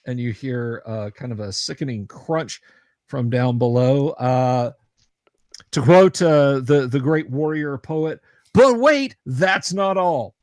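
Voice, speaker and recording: On a livestream from a home setup, a man acts as dungeon master for a tabletop fantasy game, narrating haltingly with lots of restarts and fillers. His mid-range voice is steady and dark, with clean studio sound and no echo.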